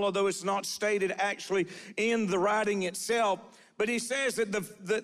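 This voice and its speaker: A man's voice: high voice, fairly bright tone, in a large hall. A man preaching a sermon in a church, delivering prophetic declarations and calling on the congregation to respond, often starting phrases with "uh". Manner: repeats phrases with filler "uh", calls for congregation response. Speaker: pastor. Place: church sanctuary.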